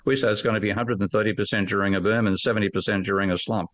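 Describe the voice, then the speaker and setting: A man's voice: on the low side, fairly even intonation, rapid-fire, no echo. A man explaining as an economist guest on a podcast, fluent, emphatic and blunt.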